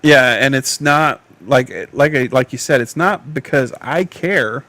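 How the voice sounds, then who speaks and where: A man's voice: mid-range voice, a little slow, sharp tone, dry recording. Hesitant man chatting on a podcast, dry sound. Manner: hesitant, searching for words, agreeable. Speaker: podcast co-host. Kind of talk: casual podcast chat.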